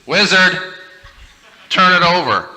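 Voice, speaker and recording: A pestering little boy whines in a high, insistent voice, nagging his older brother and refusing flat out, as a man puts him on. The voice is bright and sharp, and it swoops around a lot. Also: slow pace, big-room sound, a little hiss or hum, exaggerated voice, poor audio.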